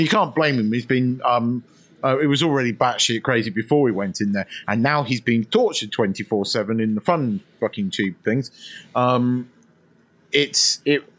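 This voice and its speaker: A man weighs in on a TV series in relaxed, unscripted conversation, at an ordinary mid pitch. He restarts and repeats words as he builds his point. Now and then he drops a casual swear word. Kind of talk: casual TV recap chat.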